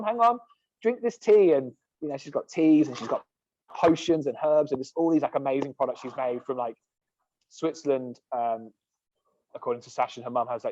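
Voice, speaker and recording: In a dull, dry podcast recording, a man in his thirties, co-founder of a sunscreen company, chats casually as a guest. He's relaxed and meandering, with plenty of "like" and "um," in a mid-range voice.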